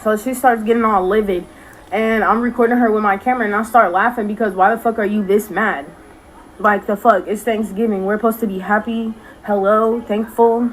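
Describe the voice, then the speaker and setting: A woman's voice: mid-range voice, fairly even intonation, fairly quick, a little hiss or hum, low-quality recording. Blunt, profane young woman telling a story. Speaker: storytime creator. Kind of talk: casual storytime to camera.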